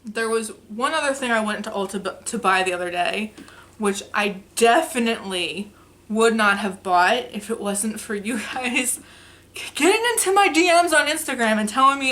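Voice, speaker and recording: A woman's voice: on the high side, a little fast, fairly bright tone. A young woman vlogger chatting casually and enthusiastically about makeup she bought, with lots of fillers. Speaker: beauty vlogger. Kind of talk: casual makeup haul chat.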